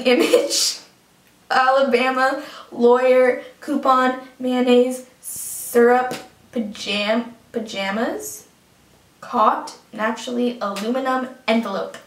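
A young woman vlogger chatting casually and reading a word list, giggling now and then. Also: a little high. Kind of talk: casual chat. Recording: echoey room from far off.

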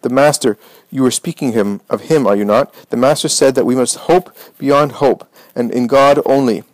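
A man voicing a fiery, devout woman who speaks with forceful, commanding conviction. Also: mid-range voice, normal speed, dry recording, natural voice, rough recording. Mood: wrathful.

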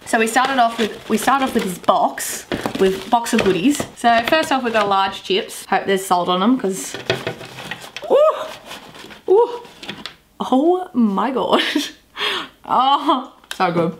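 A woman's voice: fairly high pitch, expressive, measured pace, noisy background. A young Australian woman chatting playfully with crude jokes and giggles, talking to camera while she eats. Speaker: vlogger. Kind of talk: casual eating-show vlog. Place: parked car.

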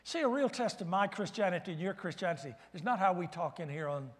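A man preaching a guest sermon in a church, animated and swinging from loud bursts to hushed asides. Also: high voice, quick pace. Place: church sanctuary. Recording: reverberant church hall.

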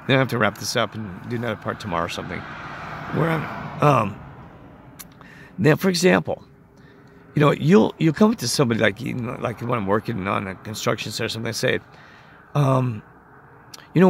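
Hoarse guy rambling into the camera, gravelly rough voice, pitch all over the place. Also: lively intonation, fairly quick, a bit bright, slight background noise. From United States. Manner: rambling, acts out quoted conversations. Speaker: vlogger. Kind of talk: casual rambling monologue.

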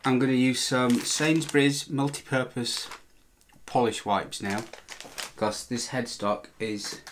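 A man's voice: mid-range voice, steady tone, slow pace, a little hiss or hum. A man talking casually as he works on a guitar, meandering and correcting himself with dry little jokes. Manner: chatty, meandering, self-correcting, dry joking. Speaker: vlogger restoring a guitar. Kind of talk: casual talk while working.

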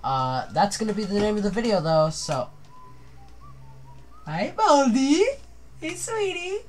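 A woman doing let's-play commentary, profane and excitable, with sudden screaming outbursts. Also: fairly low pitch, unhurried, slight background noise. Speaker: gamer. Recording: game music behind.

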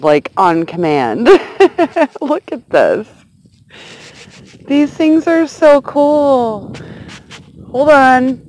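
Giggly, excited woman vlogging outdoors. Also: high voice, drawn-out words, pauses often, rough recording. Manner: gushing, giggly, talks to a grasshopper. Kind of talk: excited casual vlog. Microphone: handheld phone camera.

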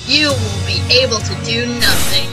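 A woman voicing a scheming male villain who is a talking box, speaking slowly and theatrically. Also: fairly high pitch, over music, pitched below the performer's own voice, natural voice. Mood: menacing.

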